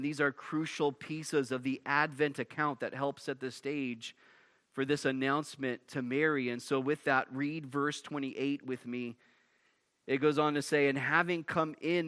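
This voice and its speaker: A man's voice: fairly high pitch, sharp tone. A male pastor preaching a sermon emphatically, often restarting and repeating words as he pushes through a point.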